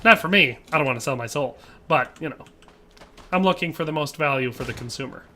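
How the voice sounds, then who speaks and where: A man's voice: a little high, fairly quick, sharp tone, a little hiss or hum. A man, chatting casually and rambling with jokes while streaming a game and reading chat aloud. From Wisconsin, USA.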